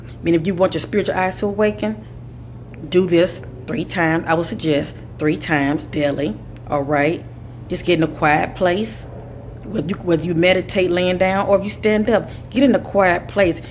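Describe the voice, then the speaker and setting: A woman's voice: lowish voice, moderate pace, slight background noise. A woman giving a spiritual advice monologue, speaking with a repetitive, preacher-like cadence and calling her listeners kings and queens. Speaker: spiritual teacher.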